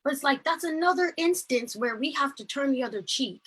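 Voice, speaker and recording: A woman's voice: high voice, animated, a little fast, fairly bright tone, poor audio. A woman, giving earnest, impassioned personal testimony over a video call. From Ireland. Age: late teens. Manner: earnest, impassioned, filler-heavy storytelling. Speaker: protest speaker.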